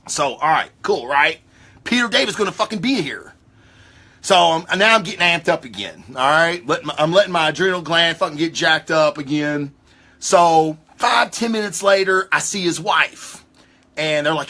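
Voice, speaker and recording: A man hosting his show, telling a rambling, excitable story with a lot of cursing. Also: fairly high pitch, moderate pace. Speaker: host. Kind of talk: casual monologue.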